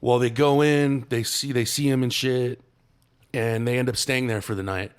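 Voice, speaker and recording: A man's voice: medium pitch, steady tone, moderate pace, clear, resonant tone. A man on a podcast retelling a movie plot in loose, slangy, profane chat, restarting often. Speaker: podcast co-host.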